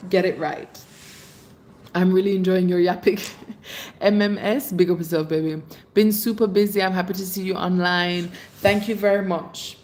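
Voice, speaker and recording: A woman with a lowish, darkish voice speaks steadily at a moderate pace. Hosting a casual livestream, she reads viewers' comments and chats with them affectionately.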